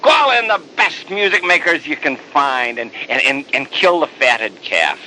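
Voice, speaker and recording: A man voicing a loving older father who speaks to his son softly and tenderly, with halting repeats. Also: lowish voice, animated, a little hiss or hum, pitched below the performer's own voice, exaggerated voice, poor audio. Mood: overjoyed.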